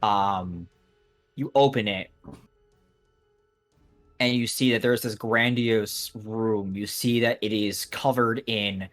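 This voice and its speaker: A man narrating a tabletop game as game master, describing scenes in halting bursts full of restarts. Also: lowish voice, fairly bright tone. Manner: halting, many restarts and fillers while describing.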